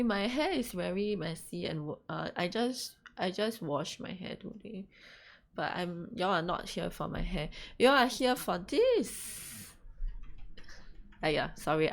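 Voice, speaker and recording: A young woman with a lilt chats loosely while running her live stream. She talks at an unhurried pace and stays flustered, laughing her way through tech hiccups. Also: on the low side, gravelly, a bit bright. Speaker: stream host. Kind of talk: casual live-stream chat.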